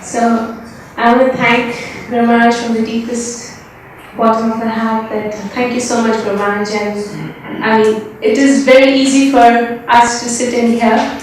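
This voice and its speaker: Flat-voiced woman in an echoey hall. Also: fairly high pitch, moderate pace. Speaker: devotee giving thanks. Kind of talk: heartfelt thanks. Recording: echoey hall, distant mic, faint noise.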